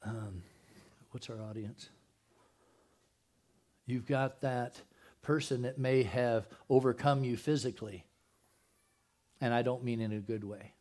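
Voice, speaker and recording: A man's voice: medium pitch, slow, long pauses, a little mellow. A man preaching a conversational sermon as pastor at a church service, asking the congregation questions and dropping jokey asides.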